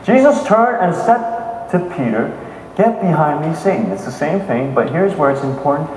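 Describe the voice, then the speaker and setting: Guy preaching in a church, kinda high voice, big echoey room, faint hum behind. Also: normal speed. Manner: animated retelling of scripture with many restarts. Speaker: pastor. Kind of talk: sermon. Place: church sanctuary. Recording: echoey hall with faint ambience.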